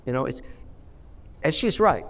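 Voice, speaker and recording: A man's voice: medium pitch, expressive, a little slow, creaky, fairly bright tone. Blunt storytelling man in a reverberant room. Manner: blunt, emphatic, anecdotal. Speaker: investor guest. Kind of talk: storytelling interview answer.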